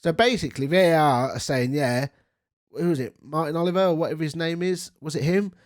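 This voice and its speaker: A man's voice: a little high, a little fast. A man, ranting angrily and swearing about a football decision on his channel. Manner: sweary, indignant, rambling. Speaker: football vlogger. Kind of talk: angry football rant.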